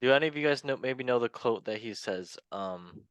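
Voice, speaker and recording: A man's voice: medium pitch, animated, a little fast, clear, resonant tone, no room sound. A man hosting a football news show in a casual, rambling, joking way with self-mocking asides. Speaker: show host.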